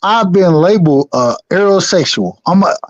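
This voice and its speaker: A man's voice: sits high, lively intonation, moderate pace, no room sound, highs cut off. A man co-hosting a casual boxing chat, slangy and repeating himself. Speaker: podcast co-host.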